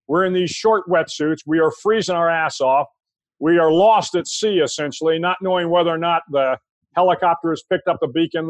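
An older American man, a guest in an interview, telling a long anecdote in a relaxed, conversational way with frequent restarts. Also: fairly high pitch, no room sound. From United States. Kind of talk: storytelling anecdote.

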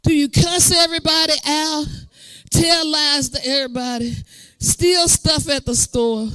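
A woman preacher delivering a fiery sermon in a church, swinging between shouted declarations, sing-song cadences and bursts of speaking in tongues. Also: high voice, steady tone, unhurried, no echo.

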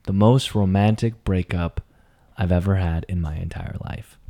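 Young male storyteller, lowish voice, dramatic and profane, personal monologue. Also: normal speed. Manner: dramatic, swings between hushed and emphatic, profane.

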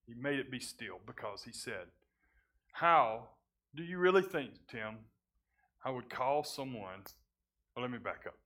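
A male pastor giving a sermon testimony, moving from hushed, halting confession with repeated restarts to loud, fervent preaching. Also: medium pitch, sing-song. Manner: halting restarts when emotional.

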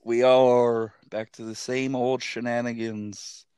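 A man's voice: medium pitch, flat delivery, slow pace, a little mellow, clean tone, no room sound, studio quality. A young man co-hosting a podcast in casual chat, easygoing and teasing, with some swearing. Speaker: podcast co-host.

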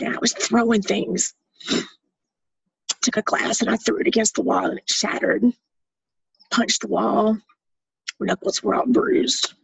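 Middle-aged woman telling her own story plainly; husky, gravelly voice, dry dull lo-fi recording. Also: mid-range voice, no echo. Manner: candid, plain-spoken. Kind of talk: personal testimony.

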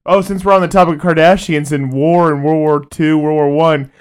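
A man's voice: a little high, steady tone, brisk, smooth. A man co-hosting a podcast, chatting casually, rambling and swearing a lot. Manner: rambling, profane, laughs often. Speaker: podcast co-host. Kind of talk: casual chat.

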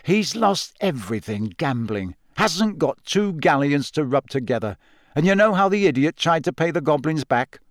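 A man's voice: on the high side, sing-song, normal speed, dry recording. A wry teenage prankster, voiced by a man, with a dry sense of humor. His voice sits somewhat above the reader's own, in a close and dry recording.

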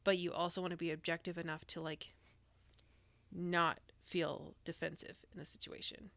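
A young woman co-hosts a casual podcast, talking in a rambling way full of "like"s and restarts. Her voice sits a bit low but comes across bright and forceful. The sound is dry and close to the mic. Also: level tone, moderate pace, creaky, no echo. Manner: chatty, rambling with many "like"s and restarts. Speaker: podcast co-host. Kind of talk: casual chat.

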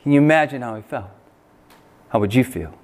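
A man's voice: mid-range voice, expressive, brisk, darkish tone. An American man preaching a sermon as pastor, reading scripture and adding emphatic asides.

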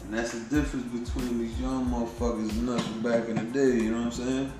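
A man's voice: mid-range voice, flat delivery, quick pace. A man cooking on a podcast, talking bluntly in street slang with plenty of swearing. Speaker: guest cook. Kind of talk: casual chat. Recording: roomy sound with loud music behind.

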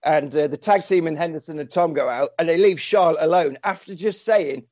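A man retelling a story in a casual comic way, excitable, laughing and swearing freely. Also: a little high, fairly quick, highs cut off.

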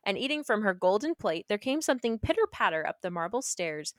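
A woman's voice: medium pitch, very animated, fairly quick, no echo. A young woman reading a fairy tale aloud and breaking off into playful, sarcastic jokes. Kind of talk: reading a story aloud with joking asides.

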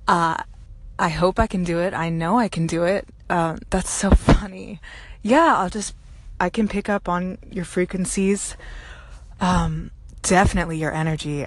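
A woman's voice: on the low side, dry recording. A woman with a Southern US accent, hosting a podcast and replying with enthusiasm and rambling thoughts to a listener's voicemail. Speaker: podcast host and poet.

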